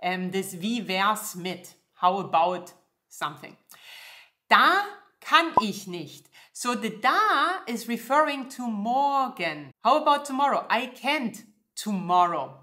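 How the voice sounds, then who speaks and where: Woman teaching a lesson, bright voice, very animated pitch. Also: slight background noise. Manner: slow and clear, checks in with "yeah?" and "okay?". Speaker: German teacher. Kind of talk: language lesson.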